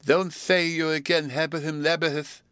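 A desperate, excitable man begs and wheedles, as a male reader puts him on. His voice rides up high and pushes loud. The reading is dry and close. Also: normal speed, clear, resonant tone, no room sound, natural voice. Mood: frantic pleading. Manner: pleading, breathless and frantic. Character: pleading excitable male moneylender client, frantic.

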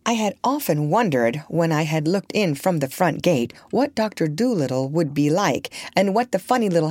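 A woman narrating a storybook with a low-set voice that swoops and lifts expressively. She is recorded close and dry, with no room sound. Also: no echo. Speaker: audiobook narrator.

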